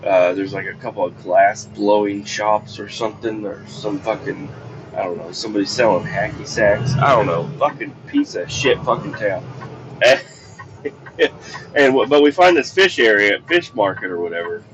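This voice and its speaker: A man's voice: fairly low pitch, moderate pace, lo-fi sound. A middle-aged man telling a rambling, exasperated story full of swearing, recorded while driving in a car. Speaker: podcast host. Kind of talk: casual profane storytelling. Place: in a moving car. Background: faint vehicle noise.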